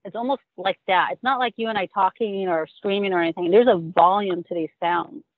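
A woman's voice: medium pitch, fairly quick, no room sound. Woman guest, emphatic, heard over a phone line. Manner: earnest, emphatic, recounting. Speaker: interview guest. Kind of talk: casual interview chat.

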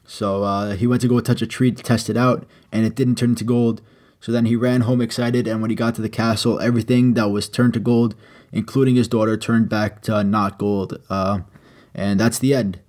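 A man's voice: fairly low pitch, fairly even intonation, normal speed, a little mellow. A man casually retelling an old myth as a comedy, full of slang, swearing and "uh" fillers. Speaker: storyteller.

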